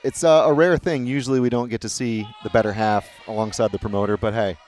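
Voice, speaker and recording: A man's voice: fairly low pitch, steady tone, quick pace, a little mellow. A man hosting a live watch-party stream, interviewing a guest in an upbeat, friendly way. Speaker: host.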